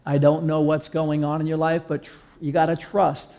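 Mellow-voiced man preaching a sermon. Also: on the high side, little pitch movement. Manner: conversational storytelling, slow emphatic repetitions. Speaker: pastor.

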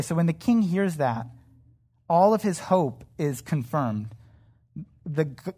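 Chatty Bible teacher in mid-pitch. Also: darkish tone. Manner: conversational, with frequent fillers and restarts. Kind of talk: casual Bible study sermon.

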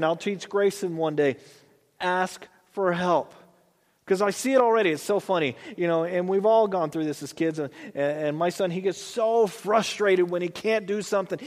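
A man preaching a sermon as pastor, reading scripture slowly and then building with rising emphasis. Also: high voice, in a large hall.

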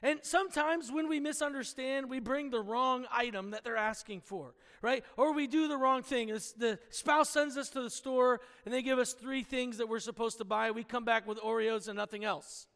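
A man's voice: very high voice, moderate pace, hardly any pauses, clean tone, long reverb tail. A man from Pennsylvania, a pastor, leading a Sunday prayer and telling a story in his sermon, checking in with the congregation as he goes. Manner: storytelling, lively, asks the congregation for agreement. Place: church sanctuary.

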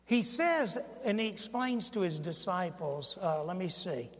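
A man's voice: animated, unhurried. Older man preaching in a reverberant hall. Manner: emphatic preaching, voice rising when quoting and dropping low for asides. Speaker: pastor. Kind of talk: sermon.

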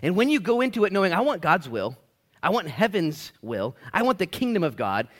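A man's voice: high-pitched, sing-song, a little fast, a bit bright. A man preaching a sermon, casual and conversational, acting out little asides as he teaches. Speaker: pastor. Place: church.

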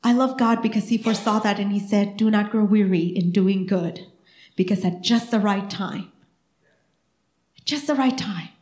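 A woman's voice: medium pitch, normal speed. A middle-aged woman pastor preaching a sermon, telling stories and acting out the dialogue in them. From Mexican heritage. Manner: animated storytelling, acting out dialogue. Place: church sanctuary. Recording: echoey church room.

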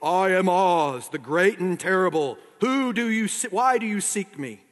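A lofty, solemn storybook wizard who shrinks into a trembling little old man when exposed, as a man reads him aloud. The voice sits a little high. It rings out with a long hall reverb. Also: expressive, measured pace. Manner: solemn pronouncements, then trembling pleading. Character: booming wizard turned timid old man.

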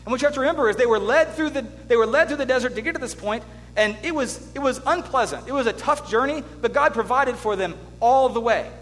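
A man preaching a sermon as pastor, earnest and animated, telling the story with restarts. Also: very high voice, fast. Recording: long hall reverb with faint hum.

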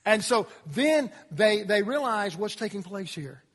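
High, husky-voiced male preacher. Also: big pitch swings, a little slow, in a large hall. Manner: storytelling, dramatic, drops to quiet emphasis. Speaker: pastor. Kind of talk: sermon.

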